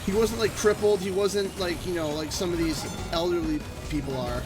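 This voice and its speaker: Canadian man, young adult, fairly high voice, rambling storyteller, loud game music behind. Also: normal speed, hardly any pauses. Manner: rambling, animated anecdote with many restarts. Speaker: live streamer. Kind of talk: casual live-stream storytelling. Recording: game music playing underneath.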